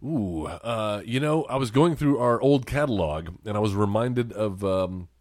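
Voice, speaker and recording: A man's voice: on the low side, expressive, darkish tone, no room sound, clean studio sound. A man co-hosting a podcast, chatting casually about a film in an easygoing, jokey way. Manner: easygoing, jokey, quick back-and-forth. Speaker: podcast co-host. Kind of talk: casual movie review chat.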